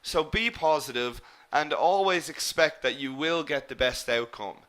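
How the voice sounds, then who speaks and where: A man's voice: on the high side, unhurried. A man teaching an online business English lesson, encouraging his students, naming them as he checks their answers, and often asking "okay?". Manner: lively emphasis with frequent "okay?" and "guys".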